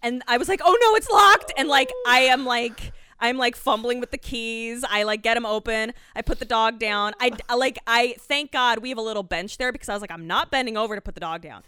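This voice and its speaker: Bright, animated young woman storyteller. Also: on the high side, fairly quick, few pauses, smooth. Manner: animated, swears freely, acts out her own panicked quotes. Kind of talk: casual storytelling chat.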